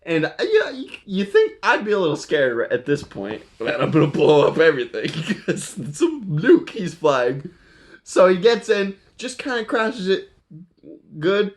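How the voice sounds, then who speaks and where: A man's voice: high-pitched, wildly swooping pitch, measured pace. A man casually recapping a movie plot, rambling and playful, often laughing and correcting himself.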